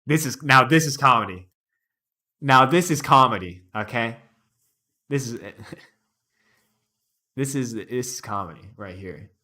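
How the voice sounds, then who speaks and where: Slow, bright-voiced streamer reacting. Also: male voice, mid-range voice. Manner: laughing, incredulous, profane. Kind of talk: casual reaction commentary.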